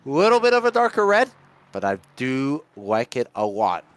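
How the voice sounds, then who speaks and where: A man giving live commentary on a sim race, chatty and getting excited in close battles. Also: mid-range voice, moderate pace. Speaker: lead commentator.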